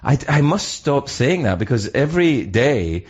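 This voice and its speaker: A man's voice: medium pitch, very animated, measured pace, darkish tone, slightly rough, lo-fi sound. A middle-aged man with a Scottish accent hosts a radio show in casual, rambling, jokey chat and swears freely.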